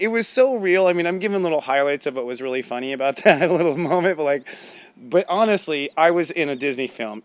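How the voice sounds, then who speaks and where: Guy hosting his own spiritual show, smooth clear voice a bit on the high side, chatty and animated, does little voices for people. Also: dry recording. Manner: chatty, animated, acts out quotes, laughs often. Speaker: podcast host. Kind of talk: casual storytelling monologue.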